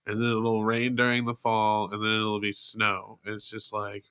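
A man's voice: lowish voice, monotone, bright, forceful tone, smooth. A man in laid-back casual chat, swearing freely and drawing out his stories. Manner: laid-back, profane, drawn-out storytelling.

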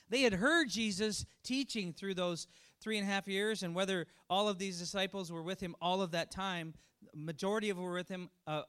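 A man's voice: sits high, fairly bright tone, clear, resonant tone. A middle-aged man preaching a conversational sermon, chatty, laughing often and repeating words as he thinks aloud. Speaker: pastor.

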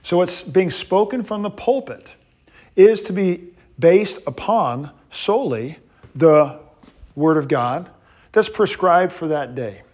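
A man, a pastor, teaching an adult class in a lively way, standing and moving about, often restarting his sentences. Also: sits high, takes it slowly. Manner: animated, paces while teaching, frequent restarts.

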